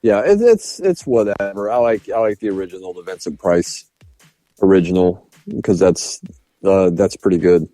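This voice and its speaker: A man's voice: low-pitched, moderate pace, mellow, no echo, faint music behind. A man co-hosting a podcast, reviewing a film in casual chat, laughing often and swearing enthusiastically. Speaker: podcast co-host.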